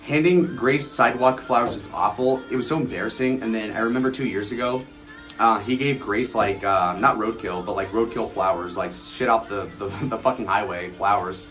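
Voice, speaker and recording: A man's voice: on the low side, normal speed, a bit bright, faint music behind. A man in his twenties chatting on a late-night livestream, rambling, swearing and mocking people while he answers chat. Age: 20s. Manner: rambling, profane, mocking storytelling; reads and answers chat messages aloud.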